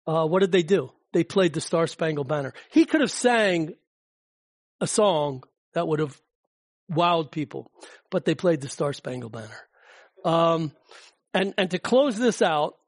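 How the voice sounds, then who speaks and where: A man's voice: a little high, no room sound. A man giving an informal public talk about slides, chatty and rambling, with frequent fillers and restarts. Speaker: guest speaker.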